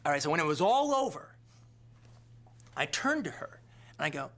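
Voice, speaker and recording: Male director, raised pitch, sharp bright tone, loose filler-heavy storyteller. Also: sing-song, moderate pace, pauses often. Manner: rambling, filler-heavy, keeps asking "all right?". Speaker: film director. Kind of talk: interview anecdote.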